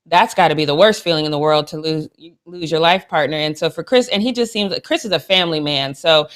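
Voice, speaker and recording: A woman's voice: low-pitched, fast talker. A woman co-hosting a sports talk show, gushing and emotional, with sassy trash talk. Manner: gushing and emotional, with frequent laughs. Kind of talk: casual sports chat.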